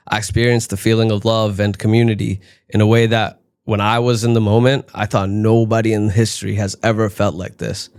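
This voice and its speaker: A young man from New York talks through a comedic monologue in a fairly low voice. He moves between dry, musing asides and abrupt, animated outbursts. His delivery stays loose and conversational. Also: clean tone. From United States, raised in New York. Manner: animated, swings from deadpan musing to sudden outbursts. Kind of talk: stand-up style comedic monologue.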